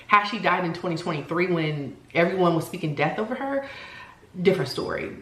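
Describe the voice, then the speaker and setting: Earnest woman in her forties, lowish voice. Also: lively intonation, a little fast, fairly bright tone, roomy sound. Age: 40s. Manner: earnest, heartfelt, searching for words. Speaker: vlogger. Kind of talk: candid personal vlog talk.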